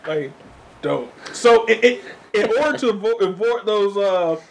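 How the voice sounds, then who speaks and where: High-pitched guy co-hosting a podcast, loose and jokey. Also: normal speed, vocal fry, slight background noise. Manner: loose and joking, slips into impressions. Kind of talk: casual chat.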